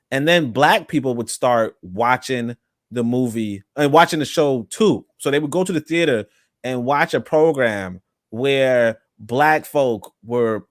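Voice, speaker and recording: Casual livestream talk comes from a male podcast host who rambles loosely, full of fillers and side comments. He speaks at medium pitch, recorded in clean studio sound with no room sound.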